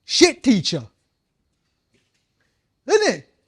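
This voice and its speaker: A man's voice: very high voice, huge pitch swings, very slow, husky. A man leading a live coaching workshop, playful and slangy, quizzing his audience as he goes. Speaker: community coaching trainer.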